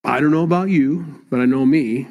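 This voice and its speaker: A man's voice: a little high, normal speed, lo-fi sound. Conversational preaching man, pastor. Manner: conversational preaching, rising emphatic at times. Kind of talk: sermon.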